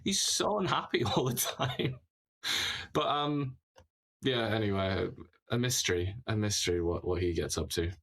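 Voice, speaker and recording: A man's voice: fairly low pitch, lively intonation, normal speed, a bit bright, breathy edge. A man hosting a political commentary show, talking in an opinionated, sarcastic way, full of mocking rhetorical questions.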